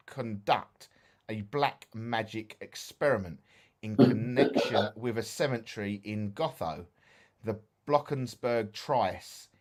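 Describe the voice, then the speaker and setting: A sleepy Essex man co-hosting a casual ghost-hunting chat. His voice sits a little low, and he trips over words as he reads his notes aloud. He sounds tired between yawns. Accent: Essex English. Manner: chatty, tired and yawning, stumbles when reading aloud. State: sleepy, yawning. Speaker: podcast co-host.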